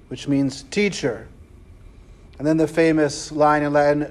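Chatty preacher, higher-pitched man. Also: fairly even intonation, normal speed. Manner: conversational, peppered with "right?" and slangy asides. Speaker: preacher teaching a scripture class. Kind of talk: casual Bible class lecture.

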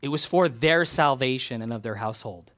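A man's voice: medium pitch, fairly quick, fairly bright tone. A man preaching a sermon in a conversational, earnest way, reading scripture aloud and explaining it. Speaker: pastor.

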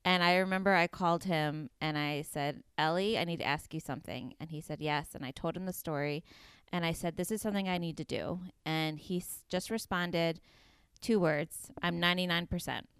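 An earnest woman in her thirties recounts a deeply personal story as an interview guest, pausing with fillers and acting out what people said. Her voice is strikingly smooth and clear and sits a little low. The recording is close and dry. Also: fairly bright tone, no room sound. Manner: earnest, emotional storytelling with many fillers and quoted dialogue.

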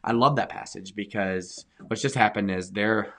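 An earnest pastor talks in a relaxed church podcast, his voice sitting a little low. He leans on key words and repeats them for emphasis, steady and sincere. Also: moderate pace. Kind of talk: conversational church podcast talk.

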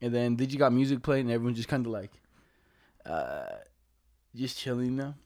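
A man's voice: medium pitch, expressive, normal speed, mellow. A young man casually telling a rambling, slangy story to a friend, laughing along and quoting others in put-on voices.

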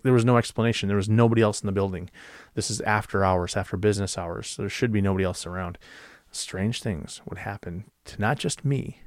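A man's voice: on the low side, dry recording, studio quality. A middle-aged man, a former radio DJ, casually telling strange stories from his past with many fillers and restarts. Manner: relaxed, with frequent fillers and restarts. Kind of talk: casual storytelling.

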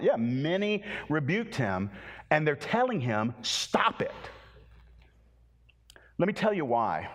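A man preaching a sermon to a large congregation, impassioned, with repeated phrases and stammered restarts. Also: medium pitch. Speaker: pastor. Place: large church hall. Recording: long reverb of a large hall.

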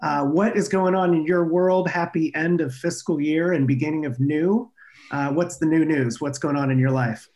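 A man's voice: fairly high pitch, fairly even intonation, normal speed, darkish tone. A man hosting a podcast interview in an upbeat, chatty way, often restarting his sentences. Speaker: podcast host. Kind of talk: conversational interview.

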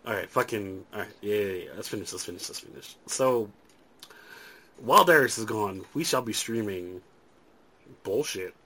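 A man's voice: fairly low pitch, normal speed, long pauses, pushed and bright, rough recording. A man hosting a podcast, chatting casually, swearing freely and laughing often. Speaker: podcast host. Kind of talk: casual profane banter.

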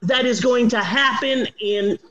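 A man's voice: very high-pitched, measured pace, reverberant, lo-fi sound. A man in his forties casually reviewing a movie on a podcast, swearing often and talking with eager enthusiasm. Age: 40s. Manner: animated, swears a lot, enthusiastic.

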